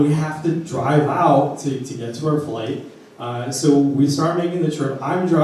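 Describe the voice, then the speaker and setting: A man from Arizona casually telling an animated personal story and acting out the people in it. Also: medium pitch, heavy reverb, distant mic, rough recording. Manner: casual, animated, acts out quotes.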